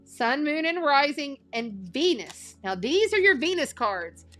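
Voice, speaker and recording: A woman with a drawl leads a loose, chatty tarot reading, circling back to the same phrases for emphasis. Her voice sits a little high. Soft music plays faintly under her. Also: big pitch swings, measured pace. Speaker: astrology and tarot reader. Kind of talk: casual spiritual livestream reading.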